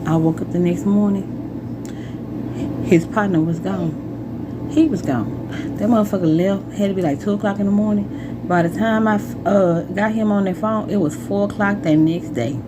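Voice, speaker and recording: A woman telling a casual storytime with slangy, profane, animated delivery. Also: medium pitch, normal speed, background noise.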